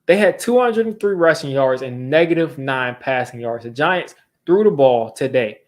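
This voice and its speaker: A man's voice: mid-range voice, animated, normal speed. A young man hosting a sports fan channel, ranting in exasperation during a live football reaction, repeating himself as he vents.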